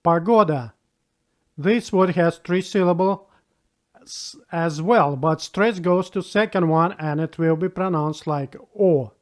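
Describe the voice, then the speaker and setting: Slow, patient man teaching a language lesson. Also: sits high. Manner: patient, spells out rules and repeats example words.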